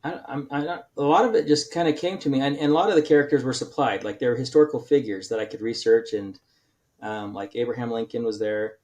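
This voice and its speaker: A man's voice: medium pitch, fast talker, a little mellow, dull audio. A male author on a podcast, retelling his book's plot in a rambling way with many restarts and fillers. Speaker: author guest. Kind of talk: casual podcast interview.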